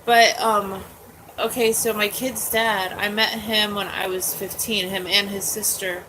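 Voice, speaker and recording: A woman's voice: mid-range voice, little pitch movement, measured pace, pushed and bright, slight background noise, rough recording. A woman in her forties chatting candidly and casually as host, with many "like"s and "um"s. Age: 40s. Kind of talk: casual chat. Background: dogs nearby.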